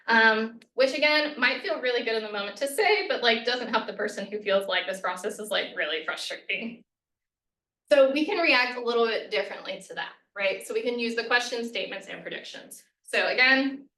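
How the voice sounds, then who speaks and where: Bright-voiced woman presenting in an echoey room. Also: on the high side, a little fast. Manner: conversational, frequent "right?" and "um", acts out sample phrases. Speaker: workshop presenter. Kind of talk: lunch-and-learn presentation. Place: college meeting room. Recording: echoey room, voice a bit far from the mic.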